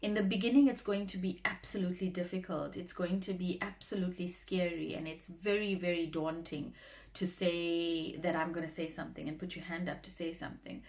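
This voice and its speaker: A woman's voice: fairly low pitch, fairly even intonation, fairly quick. A woman, a former radio talk show host, giving earnest, encouraging advice in a motivational vlog, often repeating words for emphasis.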